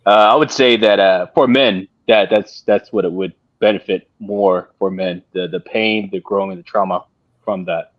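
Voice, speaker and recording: Halting low-voiced man on a panel. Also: steady tone, no echo. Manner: halting, repeats words, many fillers. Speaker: panel guest. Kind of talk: casual panel discussion. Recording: dull dry lo-fi sound.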